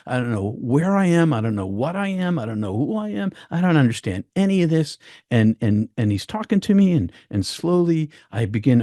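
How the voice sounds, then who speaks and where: A man telling a personal story as a podcast guest, halting and repeating words as he goes. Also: mid-range voice, sing-song, dark tone, no echo, studio quality.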